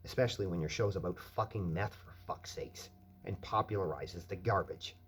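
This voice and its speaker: A man's voice: low voice, lively intonation, a little fast, slight background noise. A man ranting bluntly and with plenty of profanity in a casual monologue at his night-shift workplace. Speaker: vlogger. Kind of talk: casual rant.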